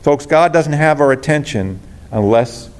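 A man's voice: on the high side, animated, unhurried, darkish tone. Earnest man preaching a sermon. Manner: earnest, preacherly, calls on the congregation. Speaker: pastor.

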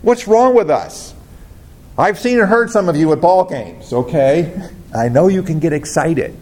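A man's voice: fairly high pitch, animated, moderate pace, darkish tone. A man pastor preaching a sermon, earnest and preacherly, addressing the congregation directly.

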